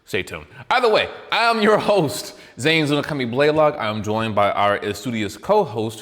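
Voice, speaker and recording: A man's voice: medium pitch, big pitch swings, moderate pace, hardly any pauses, a bit bright, in a large hall. A man hosting a casual podcast, rambling and joking at his own expense, snacking while he talks into a studio mic. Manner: rambling, self-mocking, restarts often; chewing and eating while talking. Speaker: podcast host. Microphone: studio mic with headphones.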